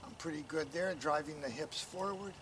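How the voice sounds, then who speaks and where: Male posture coach, calm step-by-step cues, somewhat high voice, heard from a distance over outdoor noise. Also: normal speed. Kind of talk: instructional coaching. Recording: distant mic, noisy outdoor background.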